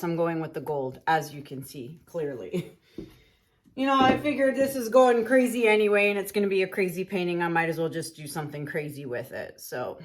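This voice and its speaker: A woman talking casually as she paints, thinking aloud and scolding herself over mistakes. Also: lowish voice. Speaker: acrylic pour artist. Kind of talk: casual talk while painting.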